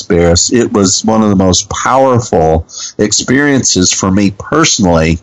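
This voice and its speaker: Deep voiced guy teaching bible stuff real slow, lots of uhs. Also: rough recording. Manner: slow, earnest teaching with many uh fillers. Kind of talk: radio Bible Q&A talk.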